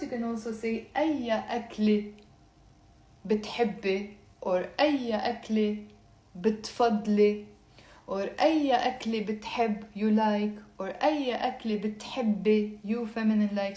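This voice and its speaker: A woman's voice: mid-range voice, warm tone. Woman teaching in an echoey room. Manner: patient, repeats phrases slowly then faster. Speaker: Lebanese Arabic teacher. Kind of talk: live online language lesson.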